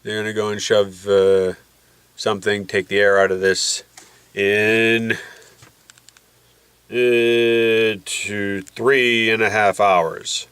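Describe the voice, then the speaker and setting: A man's voice: on the low side, level tone, slow pace, long pauses, a bit bright, clean tone, no echo. A man telling a rambling, jokey vlog story with his nose packed by a balloon, putting on voices as he goes. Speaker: vlogger.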